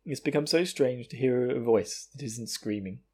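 A man's voice: medium pitch, unhurried, slightly rough. A man co-hosting a podcast, recapping an anime episode in a casual, profane way and laughing often. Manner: laughing, profane, animated retelling. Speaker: podcast co-host.

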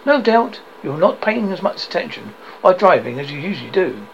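A woman's voice: lowish voice, very animated, brisk, creaky, dull audio, slight background noise. A man reading the lines of a tearful, anxious young woman who blames herself, in a sobbing tone, in a storybook reading. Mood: upset.

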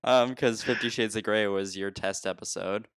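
A man's voice: fairly low pitch, steady tone, normal speed, a bit bright, clean tone, dry recording, clean studio sound. A young man co-hosting a casual movie podcast, joking, swearing and laughing often. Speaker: podcast co-host.

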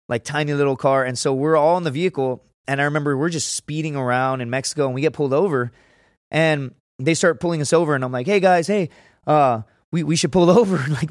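A man's voice: a little high, dry recording, studio quality. Rambling, profane man from south Texas. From Laredo, Texas. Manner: rambling, heavy swearing, frequent "right?" and "dude". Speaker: podcast guest. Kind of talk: casual storytelling.

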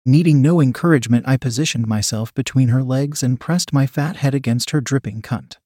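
A man narrating a first-person erotic story in a steady, unhurried reading voice. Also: medium pitch, no room sound, clean studio sound.

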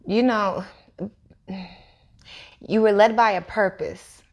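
Brief: woman podcast host, mid pitch, affirming, reads the sponsor spot. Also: fairly even intonation, slow, muffled recording. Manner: affirming, short encouraging replies. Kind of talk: interview and sponsor read.

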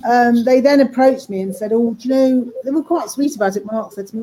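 Woman, chatty and rambling, slightly high pitch, faint noise on the recording. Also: quick pace, few pauses, mellow, rough recording. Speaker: animator and voice actor. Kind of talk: casual interview talk.

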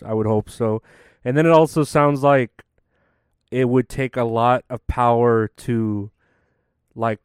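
A man's voice: medium pitch, clear, resonant tone, dry recording, studio quality. A young man rambling casually to camera, tired and yawning, full of fillers and restarts. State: sleepy, yawning. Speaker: vlogger.

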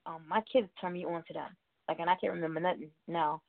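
Gravelly woman host on a tinny line. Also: lowish voice, fairly even intonation, quick pace, no echo. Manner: rambling, chatty, laughs often. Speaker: radio show host. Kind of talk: casual show chat reading birthdays. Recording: tinny phone-like line, dry.

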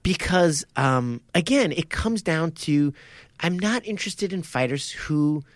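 A man on a podcast, chatting casually about martial arts fights, animated and quick to laugh as he acts out his own reactions. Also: a little high, no room sound. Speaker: podcast co-host. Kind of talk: casual sports chat.

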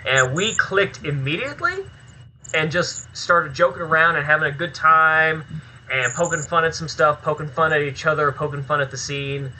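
Podcast guest, male, very bright and sharp tone, slightly high voice, candid and profane, chatty delivery. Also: moderate pace, a little hiss or hum, poor audio. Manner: candid, swears freely, chatty. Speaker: podcast guest, filmmaker and actor. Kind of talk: casual podcast interview.

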